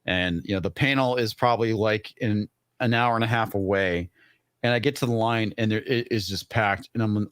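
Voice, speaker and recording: A man appearing as a guest in a casual chat, telling relaxed anecdotes with many fillers. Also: on the low side, no echo, clean studio sound.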